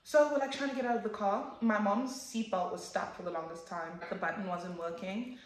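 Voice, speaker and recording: A young woman vlogger telling a story in a chatty, animated way, swearing freely and acting out what she said at the time. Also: mid-range voice, brisk, reverberant, low-quality recording. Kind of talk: casual storytime.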